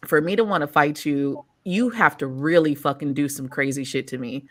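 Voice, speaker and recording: A woman hosting a casual chat, telling stories in an animated, profane way and laughing often. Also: sits low, normal speed, no echo. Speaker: host.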